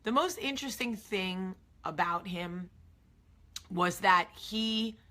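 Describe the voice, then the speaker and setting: A woman's voice: mid-range voice, slow pace, pushed and bright. A woman with a New York area accent, hosting a casual morning vlog and talking emphatically and earnestly straight to her viewers. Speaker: show host.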